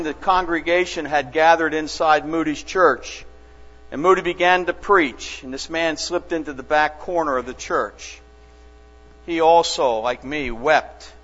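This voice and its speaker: A man preaching a sermon as a pastor, telling stories slowly and earnestly with dramatic pauses. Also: fairly high pitch, pushed and bright. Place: church sanctuary. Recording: dull lo-fi church recording with long reverb and mains hum.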